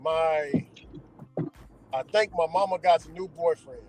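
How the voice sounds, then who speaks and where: A man from Hawaii chatting casually from his car, talking loosely with slang and halting restarts. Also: on the high side, a little mellow, soft background music, low-quality recording. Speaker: delivery driver and channel host. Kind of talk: casual chat while driving.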